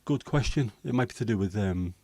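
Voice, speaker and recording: His intonation is lively, though his voice sits on the low side with a dark tone and a slightly fast delivery. He's a Liverpool man with a matching accent hosting a casual livestream, rambling hesitantly through viewer comments and swearing occasionally. No echo.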